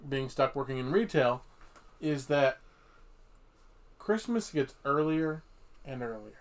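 A man's voice: medium pitch, expressive, takes it slowly. A man co-hosting a podcast, trading jokes and swearing freely in casual banter. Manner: joking, profane banter. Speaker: podcast co-host. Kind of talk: casual chat.

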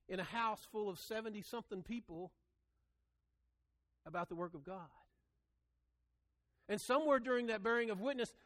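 A middle-aged pastor delivers a sermon in an unusually high voice for a man. He preaches earnestly, building rhythm through repeated phrases, and slips into folksy storytelling. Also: a bit bright.

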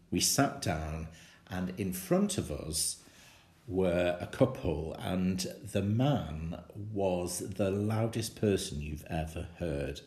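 A man with a very low, deep voice tells a personal story in an animated way, often breaking into small chuckles. His voice carries a noticeable room echo. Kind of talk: personal anecdote. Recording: roomy echo.

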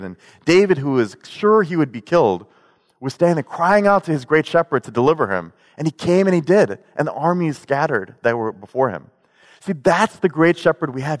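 A man giving a sermon in a relaxed, conversational way, mixing in jokes and personal stories. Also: mid-range voice. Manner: conversational, joking storytelling. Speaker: pastor. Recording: long hall reverb.

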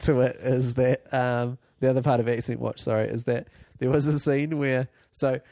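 A man with a dark, mellow voice co-hosting a casual podcast, explaining things in halting runs full of ums. The sound is dry and close-miked. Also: medium pitch, flat delivery, dry recording. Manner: rambling, halting explanations with fillers. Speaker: podcast co-host. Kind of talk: casual chat.

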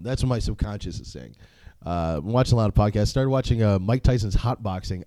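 Mellow-voiced man rambling on his podcast. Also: lowish voice, sing-song, moderate pace, no room sound. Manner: rambling, profane, laughs often. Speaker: podcast host. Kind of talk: casual solo podcast chat.

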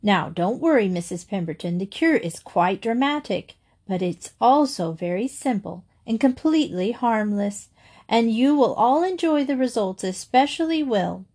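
A woman reading aloud and voicing a cheerful, kindly older woman in a storybook, in a bright and reassuring way. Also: on the high side, expressive, moderate pace. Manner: bright, gently amused, reassuring.

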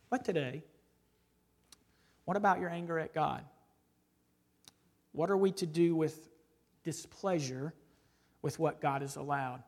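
A man's voice: fairly high pitch, moderate pace, long pauses, in a large hall. Man preaching with rhetorical questions. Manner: asks the congregation rhetorical questions, tags "right?"; shifts between loud emphasis and quiet asides. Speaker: pastor. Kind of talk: sermon.

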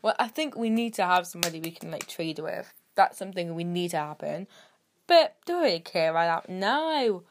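A British teenage girl hosting her own podcast, rambling and sarcastic, with sudden jumps in loudness. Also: medium pitch, animated, a little fast. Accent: British English. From Britain. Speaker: podcast host. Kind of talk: casual solo podcast chat.

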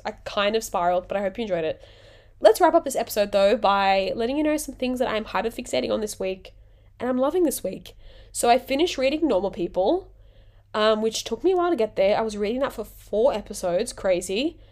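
A woman's voice: on the high side, darkish tone. A woman, hosting a casual solo podcast in a rambling, jokey, self-mocking way, sounding sick and tired. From Australia. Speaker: podcast host.

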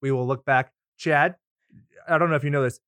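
A man's voice: on the high side, steady tone, brisk, fairly bright tone, smooth, no echo. A man co-hosting a movie podcast, recapping a film with sarcastic, teasing banter and frequent swearing into a studio mic. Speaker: podcast co-host. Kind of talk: casual movie recap chat. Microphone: pop filter studio mic.

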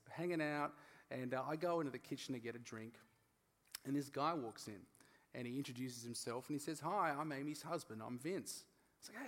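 An Australian man preaches a sermon in a relaxed, self-deprecating storytelling manner. His voice sits at a middle pitch. It rings with the long reverb of a big hall. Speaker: pastor.

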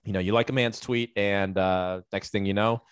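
A man with a somewhat low voice co-hosts a casual podcast chat. He rambles through his stories with plenty of fillers and restarts. His voice is recorded dry and close. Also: steady tone, moderate pace, smooth, no room sound. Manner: rambling storyteller with many fillers, laughs while telling. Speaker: podcast co-host.

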